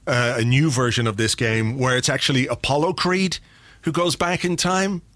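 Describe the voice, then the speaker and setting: A man in loose, jokey podcast banter, wandering through tangents with easy humor. His voice sits at an ordinary middle pitch. The recording is dry, with no room sound. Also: steady tone, moderate pace, a bit bright, no echo. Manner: playful, jokey, rambling. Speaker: podcast co-host. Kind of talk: casual chat.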